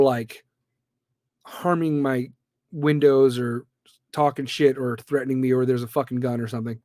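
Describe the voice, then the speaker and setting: This podcast host's voice sits on the high side with a dark tone, recorded at studio quality without echo. He delivers a ranting monologue that is blunt, heated, and profane.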